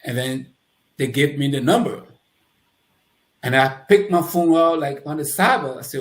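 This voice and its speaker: A man's voice: medium pitch, measured pace. A man with a Liberian accent, a guest telling his life story in conversation and acting out the dialogue he recalls. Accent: Liberian English. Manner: animated, acts out quoted dialogue. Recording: roomy echoey room.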